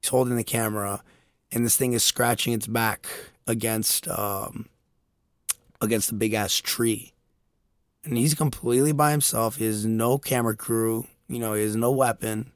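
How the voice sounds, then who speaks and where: A man's voice: mid-range voice, steady tone, normal speed, dry recording, clean studio sound. A young man in casual chat, telling a story animatedly with lots of fillers and laughter. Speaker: podcast co-host.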